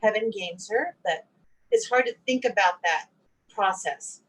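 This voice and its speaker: A middle-aged woman telling family stories as a podcast guest, animated and acting out the quotes as she goes. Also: mid-range voice, measured pace, low-quality recording. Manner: animated storyteller, acts out quotes. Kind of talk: casual interview chat.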